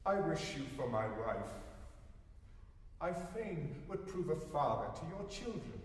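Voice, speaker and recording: A man voicing a humble, patient man in love who speaks gently and earnestly, recorded live from afar in a roomy hall. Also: on the high side, very animated, slow, distant mic.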